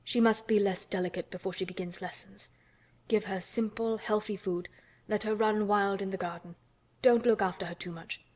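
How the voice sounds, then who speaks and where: A sad, worn-out gentleman from a storybook reading, speaking slowly and low in a subdued, tired way, as a woman narrator puts him on. He sounds distracted and heavy-hearted. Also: fairly even intonation, natural voice. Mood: weary. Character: weary, grieving middle-aged gentleman guardian.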